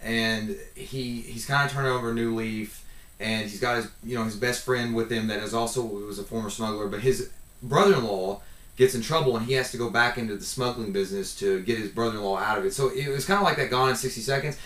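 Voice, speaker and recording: A man's voice: medium pitch, a little fast, a bit bright. A man co-hosting a casual movie review, rambling with lots of fillers and restarts. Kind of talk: casual chat. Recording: roomy, mic far off.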